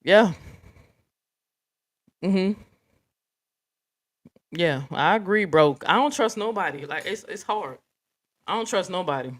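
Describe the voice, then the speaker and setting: A woman's voice: on the low side, animated, takes it slowly, pauses often. A woman hosting a livestream, talking bluntly and profanely straight to her viewers and reading out chat comments. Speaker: livestream host.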